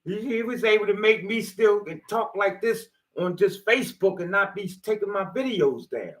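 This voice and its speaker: A man's voice: high-pitched, animated, moderate pace, fairly bright tone. A man giving a rambling motivational monologue, preachy and slangy, with loose jokes and swearing. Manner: slangy, street-style talk. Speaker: motivational video host.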